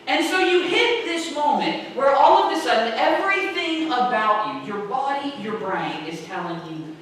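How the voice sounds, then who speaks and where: A woman pastor delivers a sermon in a chatty style and keeps asking her listeners to agree. Her fairly high voice rings through a big, echoing sanctuary, picked up from well back in the room. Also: sing-song, normal speed, hardly any pauses, a little hiss or hum. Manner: conversational, often asks the congregation "right?". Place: large church sanctuary. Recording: echoey sanctuary heard from a distance.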